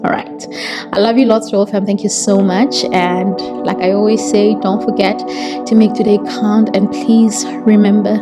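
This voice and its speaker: A woman's voice: medium pitch, level tone, moderate pace, over loud music. A woman in her thirties with a South African accent, talking to camera as a vlog host in a heartfelt, earnest way, often repeating words. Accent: South African English. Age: 30s. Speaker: vlogger host. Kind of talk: casual motivational talk to camera.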